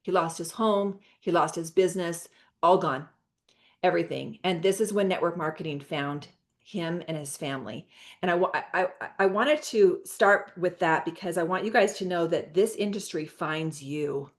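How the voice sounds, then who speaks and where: A woman's voice: on the low side, moderate pace. An American woman hosting a product presentation on a video call, chatty and upbeat, with many fillers and restarts. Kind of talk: enthusiastic product pitch.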